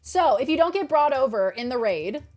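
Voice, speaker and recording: A woman's voice: high voice, lively intonation, moderate pace, a little mellow. A woman streamer chatting casually on a live stream, thanking her viewers over and over, with lots of fillers and repeats.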